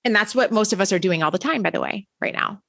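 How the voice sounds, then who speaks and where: A woman's voice: medium pitch, lively intonation, quick pace, creaky, a bit bright, dry recording. A woman who teaches college, answering in a podcast interview with earnest, emphatic storytelling.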